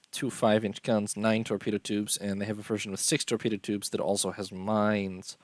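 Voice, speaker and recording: A man giving casual, unhurried commentary on a strategy game, tired and yawning, filling pauses with ums and uhs. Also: on the low side, no room sound. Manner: unhurried, listing details with many ums and uhs. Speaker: strategy game let's-player.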